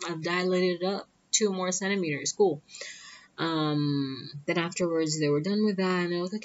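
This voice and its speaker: Young woman, casual storyteller, chatty, lowish voice, muffled lo-fi audio. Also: measured pace. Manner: chatty, acts out quoted voices higher. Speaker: vlogger telling a birth story. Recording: dull lo-fi sound.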